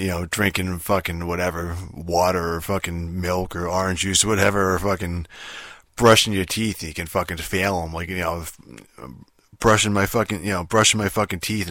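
A man's voice: sits low, bright, forceful tone, dry recording, clean studio sound. A man casually retelling a video game, rambling with heavy swearing, fillers and restarts.

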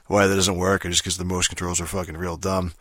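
A man's voice: low voice, flat delivery, quick pace, a bit bright, no room sound, clean studio sound. A man casually retelling a video game, rambling with heavy swearing, fillers and restarts.

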